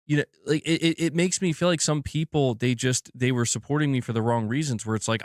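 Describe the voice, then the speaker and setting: A man's voice: medium pitch, fairly quick, hardly any pauses, dry recording, studio quality. A man hosting a live gaming news stream, talking casually and ranting candidly, swearing freely. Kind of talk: casual livestream talk.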